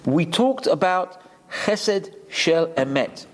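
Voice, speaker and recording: A man's voice: a little high, very animated, takes it slowly. A man giving an emphatic Torah class, dropping Hebrew terms into his talk. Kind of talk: sermon. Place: community synagogue hall.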